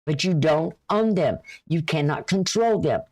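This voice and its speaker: A woman's voice: low-pitched, lively intonation, measured pace, darkish tone. A woman giving a casual, folksy astrology reading, chatty and advice-giving, with a runny nose. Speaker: astrology and tarot reader.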